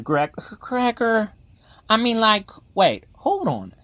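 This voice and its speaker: A woman's voice: fairly low pitch, fairly bright tone, exaggerated voice, rough recording. A woman voicing a nervous, stammering male deputy with a drawl in a horror comedy radio play. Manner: stammering, fretful, chatty.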